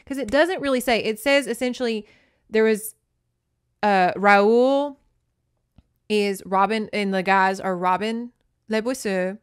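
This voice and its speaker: A woman hosting a podcast, recapping a novel in a sarcastic, chatty, animated way. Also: mid-range voice, unhurried, long pauses, clean tone, no room sound, clean studio sound. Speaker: podcast host. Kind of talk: casual book recap.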